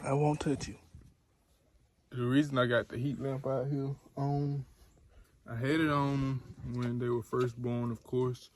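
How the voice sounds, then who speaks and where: A man with a drawl speaks slowly and soothingly while narrating a farm vlog. He sits outdoors in a pig pen, filmed on a camera mic. Piglets squeal and pigs grunt loudly around him. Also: medium pitch, flat delivery. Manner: slow, soothing, talks gently to piglets. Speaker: farm vlogger. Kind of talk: casual vlog narration while handling animals. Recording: noisy outdoor farm recording.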